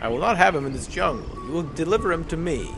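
A menacing tiger, as a man puts him on, his voice dropped low and soft, with threats spoken quietly. Music plays underneath. It is comic improv. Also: lively intonation, quick pace. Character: menacing tiger, male adult.

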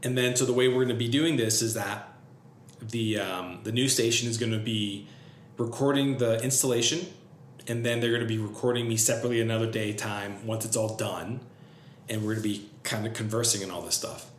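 A man's voice: on the low side, steady tone, a little fast, a little hiss or hum. Rambling man in an echoey room. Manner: filler-heavy, profane, enthusiastic. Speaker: business vlogger. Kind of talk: casual rambling monologue. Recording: roomy echo, faint ambience.

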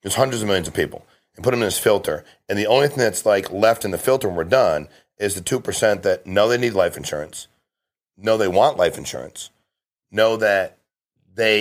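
A middle-aged man talking casually on a podcast as a guest, telling stories with emphasis and lots of restarts. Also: deep voice. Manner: fast, emphatic storytelling with frequent restarts. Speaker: guest, insurance sales agent.

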